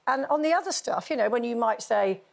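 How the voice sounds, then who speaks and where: Animated woman with gravelly voice. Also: a little high, brisk. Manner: animated, rants with laughter. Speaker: chat show panelist. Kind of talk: casual studio chat.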